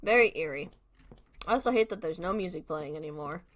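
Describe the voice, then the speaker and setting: A woman's voice: sits low, expressive, a little fast. A woman streamer giving casual, joking commentary while playing a horror game, laughing often. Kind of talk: casual let's-play commentary.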